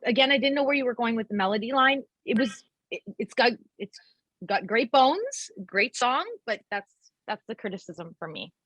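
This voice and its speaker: Female judge with a higher pitch; candid, animated critique, dry sound. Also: moderate pace, slightly rough, dry recording, rough recording. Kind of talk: critiquing a performance.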